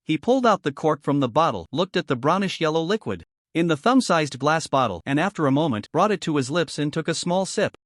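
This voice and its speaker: A man narrating a story recap in a lively, expressive scripted reading. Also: fairly high pitch, a little fast, dry recording, studio quality.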